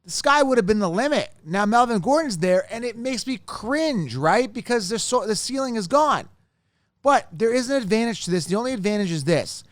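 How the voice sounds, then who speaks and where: A man with a fairly high voice hosts a solo podcast, heated and emphatic, repeating himself as he vents. The sound is close and dry, with no room around it. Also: expressive, normal speed, no room sound. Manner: heated, venting, emphatic with frequent "right?". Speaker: fantasy football podcast host.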